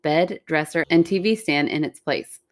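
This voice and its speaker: A woman's voice: low voice, normal speed. A woman co-hosting a podcast, reading listener stories aloud in casual chat and laughing easily. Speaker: podcast co-host.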